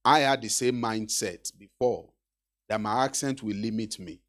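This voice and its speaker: A man's voice: on the low side, moderate pace. A middle-aged man from Nigeria with a Yoruba accent, giving an encouraging speech with stories and asides to the audience. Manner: exhortative, anecdotal, with asides to the audience. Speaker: graduation speaker.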